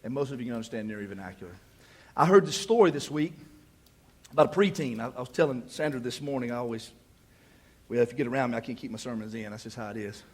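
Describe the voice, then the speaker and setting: A man's voice: medium pitch, animated, quick pace. A male pastor in his thirties preaching a sermon in a folksy, conversational way, with joking asides. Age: 30s. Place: church.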